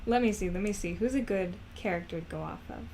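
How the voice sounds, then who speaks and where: A woman's voice: medium pitch, fast, a little mellow, slight background noise. A woman chatting casually as she plans a character, rambling and laughing at herself. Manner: rambling, many fillers, self-mocking. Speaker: animation creator. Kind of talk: casual chat, thinking aloud.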